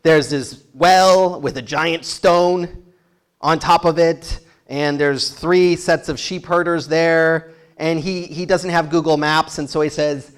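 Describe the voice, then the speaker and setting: Man, slightly high voice, animated storytelling sermon with chuckles and asides. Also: slow pace, clean tone. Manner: lively storytelling with laughs and asides. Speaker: pastor.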